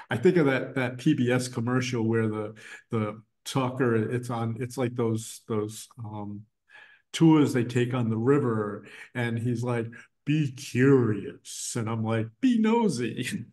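A middle-aged man talks casually as an interview guest, his voice sitting at an ordinary medium pitch. He rambles, circling back with fillers and restarts as he thinks aloud. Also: a little mellow. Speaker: guest, designer and art professor. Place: his art gallery.

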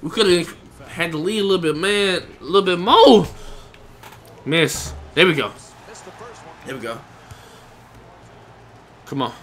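A young man giving live commentary over his own basketball video game, reacting loudly to each play and talking to the players and his viewers. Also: sits high, sing-song, a little slow, pauses often. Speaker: gaming YouTuber.

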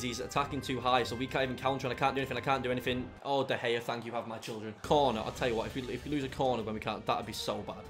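A young man commentating his own football video game, muttering through play and erupting into shouts at goals. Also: medium pitch. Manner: excitable, bursts into shouts after goals. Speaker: gaming YouTuber.

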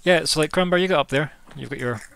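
A man's voice: a little high, fast, creaky, fairly bright tone, slight background noise. A man narrating as game master of an online tabletop game in a loose, rambling way full of fillers. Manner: casual, rambling, lots of fillers. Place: home, online voice call.

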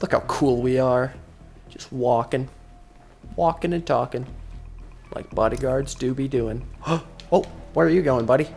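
A man doing casual gameplay commentary, jokey and profane, breaking into loud excited outbursts. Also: mid-range voice, measured pace, vocal fry, faint music behind. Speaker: gaming commentator. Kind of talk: casual let's-play commentary.

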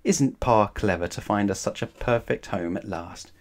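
A man voicing a patient, weary mother otter in a children's storybook reading, pleading and gentle. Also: lowish voice, moderate pace.

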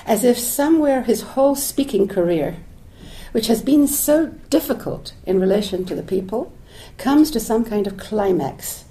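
Woman, lecturer, reflective, searching delivery, warm mellow tone, quotes hebrew. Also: mid-range voice. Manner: thoughtful, searching, with restarts and asides; quoting Hebrew phrases. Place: lecture hall.

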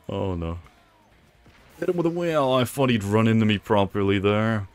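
A man's voice: fairly low pitch, normal speed, no room sound. A young man giving live commentary over his own gameplay, playfully teasing his opponent with mock complaints. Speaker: gaming video creator.

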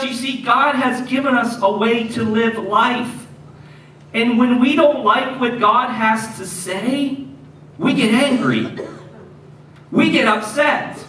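A man preaching a sermon as pastor, telling stories in an animated way and repeating key lines for emphasis. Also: very high voice, slight background noise. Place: church sanctuary. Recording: echoey church hall, mic at a distance.

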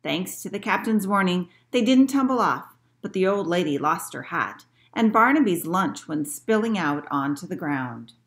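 A woman librarian reading a picture book aloud to children in an expressive storytelling manner. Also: on the low side, moderate pace, hardly any pauses.

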